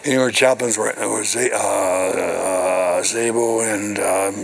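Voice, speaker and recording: A man's voice: lowish voice, steady tone, a little slow, gravelly, slight background noise, poor audio. An older man, a minister, preaching a sermon to his congregation, reading scripture and then explaining it with call-and-response asides. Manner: call-and-response preaching with repeated "hello" and "right". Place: church.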